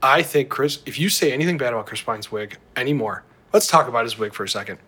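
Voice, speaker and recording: A man hosting a casual chat, animated and opinionated, laughing easily. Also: medium pitch, quick pace, husky. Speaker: podcast host. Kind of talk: casual chat about film and wine.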